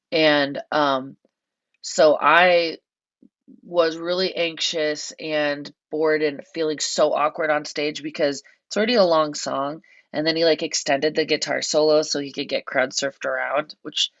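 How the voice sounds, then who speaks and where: A woman's voice: low-pitched, fairly bright tone, dry recording, highs cut off. A woman guest on a podcast telling a story in casual chat, rambling and self-deprecating with lots of "like" fillers. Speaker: guest musician.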